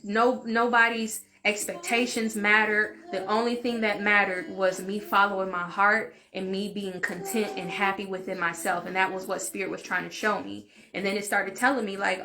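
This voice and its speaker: A woman vlogger telling a story in a casual, animated way, full of "like" and swearing. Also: mid-range voice, normal speed, hardly any pauses. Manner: animated, frank, peppered with "like" and swearing. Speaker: vlogger and healing channel host. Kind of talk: casual story-time monologue.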